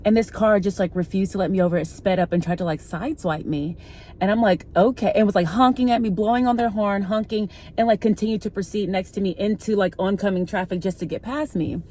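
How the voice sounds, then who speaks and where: A woman's voice: mid-range voice, quick pace, warm tone, slight background noise. A woman in her thirties from the American Midwest, chatting to camera in a vlog and telling a story with lots of "like" fillers. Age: 30s. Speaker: vlogger. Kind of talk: casual chat to camera.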